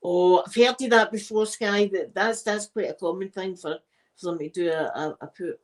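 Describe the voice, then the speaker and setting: A middle-aged woman with a Scottish accent tells stories to her stream viewers in a casual, animated way. She is chatty and self-mocking, and her voice sits at an ordinary middle pitch. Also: moderate pace. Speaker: live stream host. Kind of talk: casual chat storytelling to viewers.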